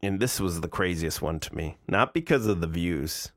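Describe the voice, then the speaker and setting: A man's voice: low-pitched, expressive, normal speed, a bit bright, no echo, studio quality. A man in his forties streaming live, reacting to videos in casual, incredulous, mocking commentary. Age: 40s.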